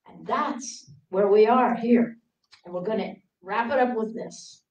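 A woman's voice: mid-range voice, unhurried. Woman preaching in a roomy space. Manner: acts out her younger self in a raised, pleading voice; drops to a soft, hushed voice for quiet moments. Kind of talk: sermon with personal storytelling. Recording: roomy sound from a distant mic.

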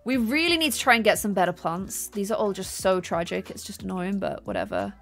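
A woman's voice: mid-range voice, brisk, creaky, faint music behind. A woman live-streaming a game, chatting and gushing thanks to her chat. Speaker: gaming streamer.

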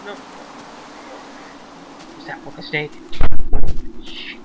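A man's voice: high-pitched, sing-song, very slow, gravelly, pauses often. A young man giving casual gameplay commentary, swearing often and yelping when something startles him. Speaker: gaming YouTuber. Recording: loud background noise.

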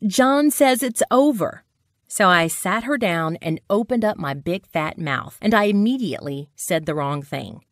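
A woman's voice: fairly low pitch, animated, moderate pace, hardly any pauses, a bit bright, no room sound, clean studio sound. Dramatic woman narrating a sales story.

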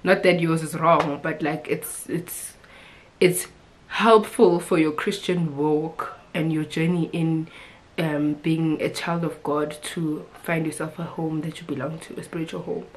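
A woman's voice: low-pitched, steady tone, a little slow, a little hiss or hum. A young woman from Africa, chatting casually and expressively to camera with frequent laughs and fillers. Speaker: vlogger.

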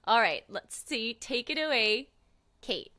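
A woman's voice: on the high side, sing-song, a little slow, bright, forceful tone. A woman hosting a live children's music show, cheerful and talking to the kids as friends, her voice slightly froggy.

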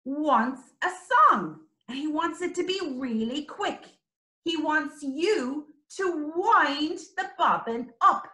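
A woman's voice: sits high, bright, forceful tone. A middle-aged Irish woman teaching songs and signs to young children in a sing-song, coaxing way. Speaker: early years teacher. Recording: echoey room.

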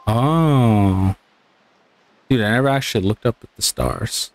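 An excitable man talks over his gameplay, swearing freely and breaking into yells and cheers. His voice sits at an ordinary middle pitch, with faint music running underneath. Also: a little slow, pauses often. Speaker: gaming channel host. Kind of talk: casual let's-play commentary.

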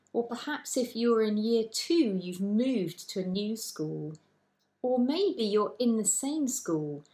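Slow, gentle woman vicar. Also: mid-range voice. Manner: gentle, slow, storyteller's delivery. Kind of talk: children's talk and Bible storytelling.

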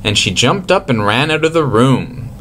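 A man reading a classic fairy tale aloud to children in a gentle, expressive way. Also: mid-range voice, moderate pace, a little hiss or hum. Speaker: storyteller for children.

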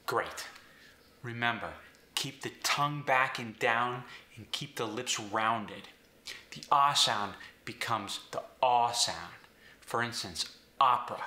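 Bright-voiced coach. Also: male voice, medium pitch, takes it slowly, reverberant. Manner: clear step-by-step instruction. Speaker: accent coach. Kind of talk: instructional explanation.

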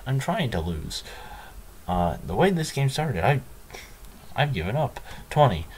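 A man's voice: mid-range voice, big pitch swings, a little slow, pauses often, darkish tone, a little hiss or hum. A man hosting a let's play, commenting in a dry, sarcastic, self-mocking way. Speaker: gaming channel host.

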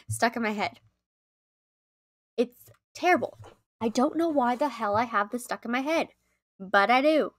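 A young woman chatting casually to viewers as she plays a game on a live stream, easily excited. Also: fairly high pitch, moderate pace, long pauses.

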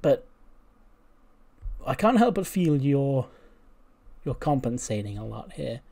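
A veteran female wrestler lectures a younger champion in a wrestling game story, voiced by a man. She rambles and hesitates, leaning on "you know", in a mellow, even voice. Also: medium pitch, slow pace, vocal fry, heavily acted. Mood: earnest.

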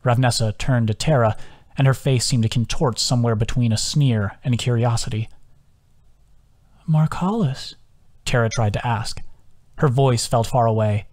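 A man reading his own novel aloud as audiobook narration, steady and measured. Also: mid-range voice.

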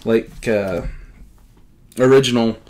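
With a mid-range voice and a slow delivery, a middle-aged man chats through an unboxing of his comics. As a talkative collector, he keeps voicing excited gratitude.

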